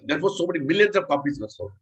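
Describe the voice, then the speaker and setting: A man's voice: a little high, lively intonation, rapid-fire, slightly rough, low-quality recording. A man preaching a scripture class in an earnest, repetitive, instructive way.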